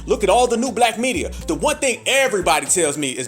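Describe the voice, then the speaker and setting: A man with a high, lively voice rants through a podcast monologue, swinging his pitch widely as he builds points in a rhythmic, preacher-like cadence. He leans hard on emphasis and curses freely. Faint music sits under his voice. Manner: mimics other voices in quick asides. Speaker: podcast host. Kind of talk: animated commentary monologue.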